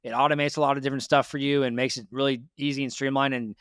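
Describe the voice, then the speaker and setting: A man's voice: medium pitch, level tone, very fast, a bit bright, clear, resonant tone, no echo, studio quality. A man hosting a debt interview, giving blunt, lecturing advice and repeating his points. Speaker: financial advice host. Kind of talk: direct money coaching.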